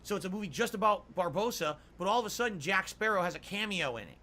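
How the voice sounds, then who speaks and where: A man's voice: high-pitched, animated, fast, sharp tone. A man rambling through a speculative monologue, heard as a played clip. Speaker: streamer.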